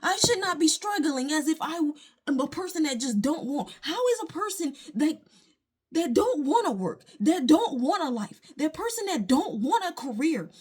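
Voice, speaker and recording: A woman's voice: high-pitched, sing-song, moderate pace. A woman, venting her frustration emphatically to a phone camera at home. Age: late 20s. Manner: frustrated, emphatic ranting with religious asides. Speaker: vlogger. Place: at home, indoors.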